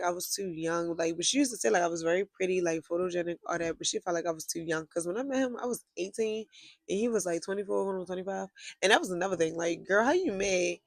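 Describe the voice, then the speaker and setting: A woman's voice: fairly low pitch, creaky, no echo. A young woman telling a storytime vlog in a casual, blunt and profane way, with heated outbursts. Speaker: vlogger.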